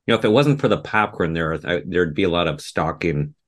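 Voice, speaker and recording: A man's voice: low voice, animated, fairly quick. A man from the Midwest, co-hosting a podcast in casual chat, self-deprecating and often restarting his sentences. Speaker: podcast co-host.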